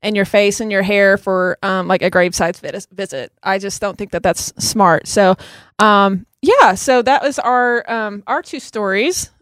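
A woman in her forties co-hosting a casual podcast, laughing often and speaking slowly with many fillers. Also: medium pitch, a bit bright, dry recording. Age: 40s. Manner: laughs a lot, reacts and wraps up slowly with fillers. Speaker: podcast co-host.

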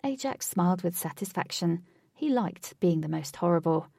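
A woman narrating a story aloud in a steady, even reading voice. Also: on the low side, normal speed, gravelly, no echo, studio quality, far from the mic. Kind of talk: audiobook narration.

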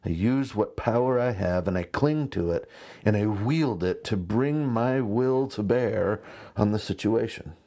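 A man in his thirties preaching a conversational sermon, telling stories with lively asides. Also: on the low side, unhurried. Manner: conversational, animated storytelling with asides. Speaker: pastor.

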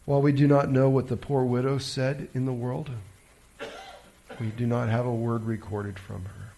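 A man's voice: mid-range voice, flat delivery, moderate pace, vocal fry, mellow. A male preacher telling a story in a sermon, with a dramatic, emphatic delivery.

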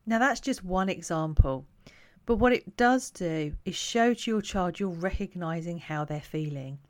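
A woman who coaches parents, talking to camera in a calm, reflective, conversational way. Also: fairly low pitch, normal speed.

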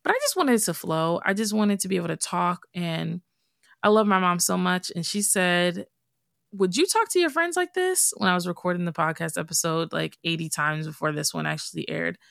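A young adult woman hosts her own podcast solo, chatting candidly and casually as though talking to a friend. Her voice is lowish, brisk, gravelly and a bit bright, with a clean tone. The studio sound is clean, with no room sound.

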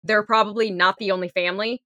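Bright-toned woman thinking aloud on a podcast. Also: medium pitch, steady tone, fast, no room sound. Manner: thinks aloud, frequent "like" and laughs. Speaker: podcast co-host. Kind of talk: casual film discussion.

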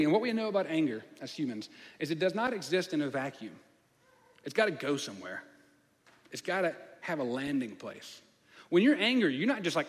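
A man's voice: fairly high pitch, expressive, normal speed. A man preaching a sermon as pastor, asking the listeners questions and acting out voices of people and of a lament. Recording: long reverb of a hall.

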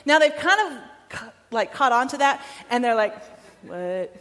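A woman's voice: high voice, expressive, moderate pace, a bit bright, big-room sound. A woman preaching a sermon in a church, conversational and emphatic, repeating her phrases and checking in with the room. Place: church sanctuary.

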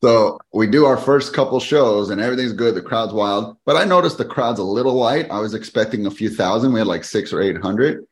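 A middle-aged man, a guest on a podcast, telling a story in a lively, fast-moving way. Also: lowish voice. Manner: animated, fast-paced storyteller who acts out quoted people. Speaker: podcast guest, fitness business owner. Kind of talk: casual storytelling interview.

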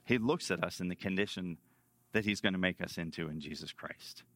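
A male pastor delivers a sermon with emphatic stresses and repeated key lines. His lowish voice has a forceful, bright edge. The sound is close and dry, with a lively sweep between loud and quiet phrases. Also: a little fast, dry recording.

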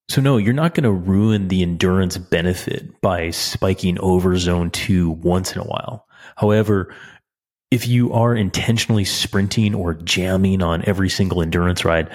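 Middle-aged male coach, very deep voice, relaxed explainer, podcast host. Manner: relaxed, explanatory, frequent restarts and small laughs. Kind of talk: casual podcast talk answering a listener question.

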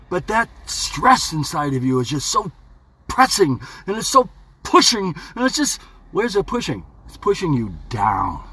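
Folksy male podcast host, bright voice swinging wildly up and down, playful self-talk. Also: high-pitched, husky. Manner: folksy, playful, talks to himself. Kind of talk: rambling motivational monologue. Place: home studio.

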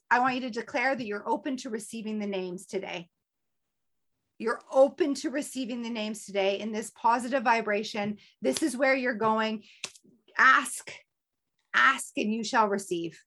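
Woman host coaching listeners, emphatic and energetic, fairly high-pitched. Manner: energetic and emphatic, with playful sound effects. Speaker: motivational coach and podcast host. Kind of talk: motivational talk.

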